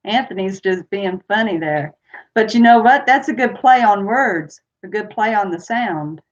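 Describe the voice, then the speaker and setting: Chatty and quick to laugh, a woman runs a casual trivia live stream, reading questions aloud and chatting with her viewers. She has an expressive mid-range voice at a measured pace, heard over dull, lo-fi stream audio.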